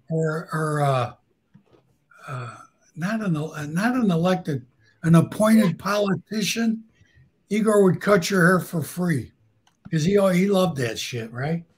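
A man tells stories as a guest, his voice fairly high and husky. He tells crude, animated anecdotes and acts out each quoted person. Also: low-quality recording. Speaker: guest storyteller. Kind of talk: casual storytelling.

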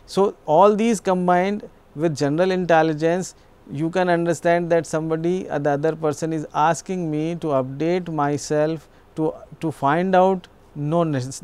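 A man's voice: on the high side, steady tone, normal speed, darkish tone, smooth. A man giving an explanatory educational lecture, repeating himself now and then with small restarts.

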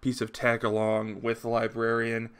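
A man's voice: mid-range voice, completely flat delivery, moderate pace, a bit bright, clean tone. A man hosting his own comic review channel, chatting casually and enthusiastically with lots of fillers.

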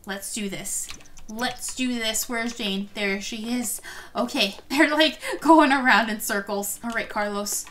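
A woman hosting let's-play commentary, excitable, gasping often and talking straight to her viewers. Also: on the high side, a little slow, slight background noise. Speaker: gameplay host.

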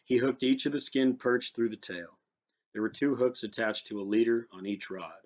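A man reading a short story aloud, with steady, measured literary narration. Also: medium pitch. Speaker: reader.

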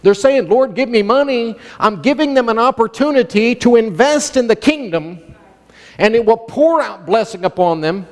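A man's voice: very high-pitched, expressive, normal speed. A man preaching a sermon as pastor, emphatic and calling out to his congregation. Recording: long hall reverb.

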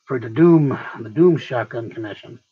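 A man's voice: mid-range voice, moderate pace, breathy edge, lo-fi sound. A man hosting his own channel, rambling and joking with viewers as he works on a craft project. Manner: rambling, joking, talks to viewers while working. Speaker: prop maker and channel host. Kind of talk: casual workshop chatter.

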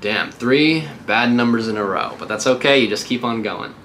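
A man's voice: medium pitch, moderate pace, fairly bright tone, a little hiss or hum. A man working as a real estate agent, giving a casual, upbeat tutorial on cold calling between live calls.

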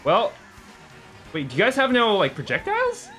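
A man streaming a racing game with a friend, excitable, yelling and swearing at the game and meowing for fun. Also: very high voice, normal speed, faint music behind. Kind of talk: casual gaming stream chat.

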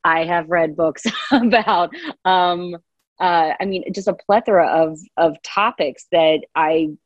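A woman's voice: on the low side, slow, no room sound. Chatty woman narrator, dull dry sound. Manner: chatty, laughs easily, trails off in lists. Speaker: audiobook narrator guest. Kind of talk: casual interview chat.

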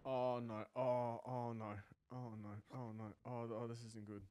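A man commentating his own wrestling video game match. He is excitable, swears, and shouts at the game. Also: mid-range voice, unhurried, clean tone. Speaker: gaming channel host. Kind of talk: live gameplay commentary.

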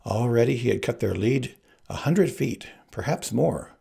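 Gravelly man reading a story aloud. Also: mid-range voice, moderate pace. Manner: expressive, animated storytelling. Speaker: reader. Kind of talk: audiobook narration.

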